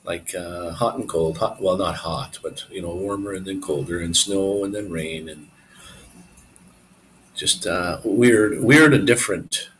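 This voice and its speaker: A man's voice: deep voice, a little slow, a little hiss or hum, rough recording. A man live streaming, chatting casually and rambling to his viewers. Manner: rambling, relaxed, talks to viewers.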